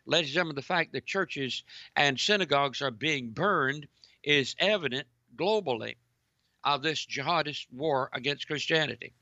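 Reading news stories aloud, this American commentator lectures his listeners directly and emphatically, again and again saying "ladies and gentlemen." He speaks at normal speed in a voice on the high side. The recording is lo-fi with no echo.

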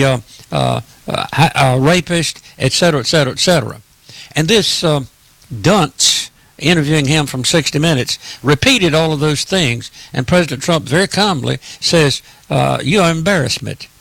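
Gravelly man giving an impassioned monologue. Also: fairly high pitch, no room sound. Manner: emphatic and repetitive, often saying "ladies and gentlemen" and "et cetera"; hesitant fillers mid-sentence. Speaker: political commentator.

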